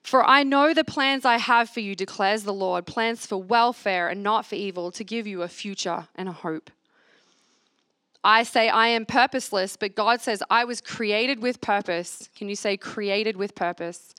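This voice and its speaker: At a church gathering, a woman leads a reflection, reading scripture aloud and having listeners repeat affirmations after her in a call-and-response sermon. Her voice is medium-pitched, bright and forceful, at a moderate pace, and she comes across as earnest. The recording is clean studio sound with no room noise.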